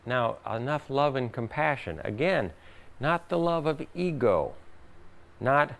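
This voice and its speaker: Gravelly, lively-voiced male teacher. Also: mid-range voice, a little slow. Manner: animated, acts out quoted voices, laughs often. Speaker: spiritual teacher. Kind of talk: workshop talk with audience questions.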